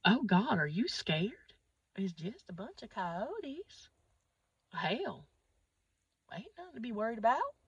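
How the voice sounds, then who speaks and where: A woman's voice: on the high side, big pitch swings, slow, long pauses, slightly rough, dry recording, distant mic, lo-fi sound, heavily acted. Woman doing a dismissive laid-back husband, lazy drawl, dry close sound.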